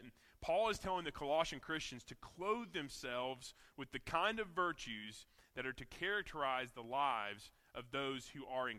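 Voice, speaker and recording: A man's voice: mid-range voice, pushed and bright. Man, Southern accent, pastor, earnest sermon, repeats himself, long hall echo. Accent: American Southern. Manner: earnest preaching with repeated phrases and restarts. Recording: long reverb of a large hall.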